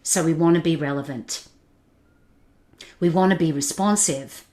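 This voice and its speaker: A woman's voice: low-pitched, measured pace, a little mellow. A woman giving a motivational webinar talk, putting questions and challenges straight to her audience and laughing along with their comments. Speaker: keynote speaker.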